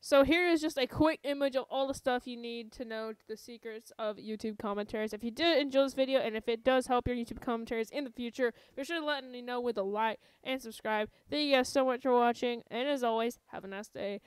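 A woman doing comedic YouTube commentary, jokey and sarcastic, jumping between loud asides and quiet ones. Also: on the high side, brisk, hardly any pauses, clean tone, no room sound, poor audio.

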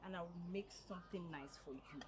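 A woman's voice: lowish voice, fast, a little mellow, natural voice. An actress playing a caring married woman who reassures her brother-in-law. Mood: reassuring. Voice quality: soothing, reassuring. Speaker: actor.

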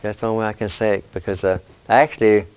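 A man's voice: on the low side, level tone, quick pace, clear, resonant tone. An older man teaching a casual language lesson, patient and plain-spoken, often checking in with "you see". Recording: dull lo-fi sound.

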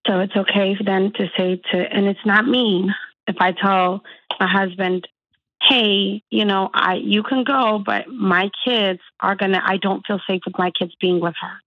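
A woman calling in to an advice show, talking hesitantly and haltingly about a painful family matter. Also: medium pitch, fairly even intonation, dry recording, muffled recording. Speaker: caller. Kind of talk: call-in conversation.

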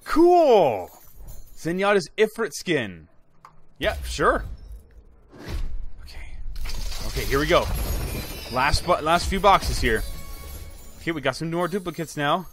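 A man giving excited, chatty commentary while opening game loot boxes, exclaiming loudly at good items and talking to his viewers. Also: a little high, takes it slowly, pauses often, soft background music. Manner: chatty, addresses viewers as guys. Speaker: gaming YouTuber.

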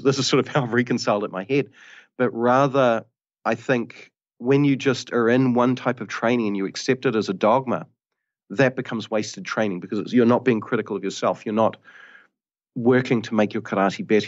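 A man's voice: medium pitch, a little fast, lo-fi sound. A man from New Zealand, a karate instructor, talking casually in a podcast interview and often saying "you know". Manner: thoughtful, rambling, frequent "you know".

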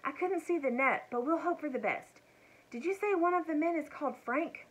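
A woman's voice: sits high, moderate pace, lo-fi sound, voice pushed up, natural voice. A woman voicing a friendly young male dragon in a storybook read-aloud, cheerful and eager.

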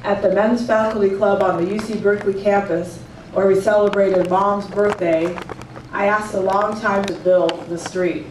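A woman giving a live reading of her own poems, in a plain and measured way. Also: medium pitch, fairly even intonation, background noise. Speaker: poet reading her work. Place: event hall at a book party. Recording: echoey room from far off. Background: live music playing.

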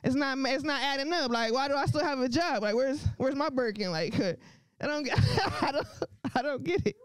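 A woman works through a crude stand-up comedy set, brash and unfiltered, laughing often between her lines. Her pitch swings widely as she talks. The sound is dry and close, with no room around it. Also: animated, moderate pace, no room sound.

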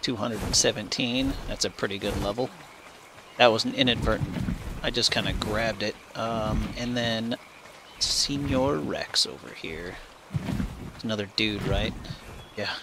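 A man's voice: lowish voice, measured pace, pauses often. A man hosting a gaming channel, giving casual let's-play commentary and cooing baby talk at the animals he tames. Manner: chatty, coos baby talk at his pets. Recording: clear background noise with game sounds.

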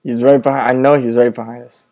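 A man talks into a headset from his room at night as he reacts to a horror game. His voice is mellow and rounded, sitting at an average pitch. He sounds jumpy and nervous, swears a lot, and keeps talking to the friend he is playing with. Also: flat delivery, fast talker, lo-fi sound. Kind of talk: casual gaming commentary. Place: room at home with the lights on, at night.

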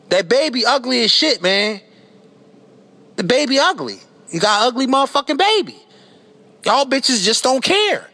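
Casting note: a Philly-man for a comedic rant, bright and tense, swearing nonstop, exasperated. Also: high voice. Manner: animated, exasperated, swearing constantly, breaks into yelling. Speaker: comedic rapper doing an outro skit.

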